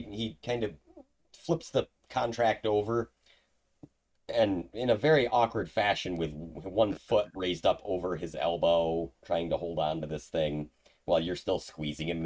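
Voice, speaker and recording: A man's voice: deep voice, fairly even intonation, normal speed, a little mellow. A man narrating as the game master of a tabletop game, in a loose, chatty way with fillers.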